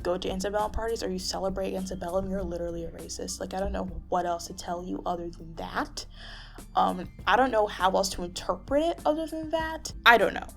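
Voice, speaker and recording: A woman rants to camera in a casual vlog, exasperated and restarting her sentences often. Her voice has a gravelly fry. Soft music plays faintly underneath. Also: medium pitch. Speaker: vlogger.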